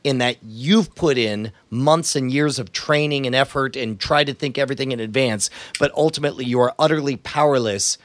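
Fast-talking man in casual chat. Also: mid-range voice, no echo. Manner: quick, rambling, with many fillers and restarts. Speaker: podcast co-host.

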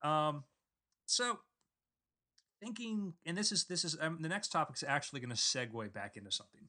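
Male podcast co-host: bright, clear timbre, playful bit-builder in loose banter. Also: on the high side, animated, normal speed. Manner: playful, spins elaborate bits. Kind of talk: casual comedic chat.

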